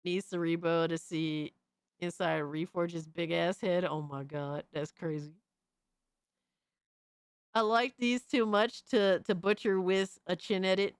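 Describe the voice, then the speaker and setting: A young woman streamer giving excitable, profane live reaction commentary, full of hype shouts and swearing. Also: lowish voice, a little slow, clear, resonant tone, no echo, studio quality. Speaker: streamer host.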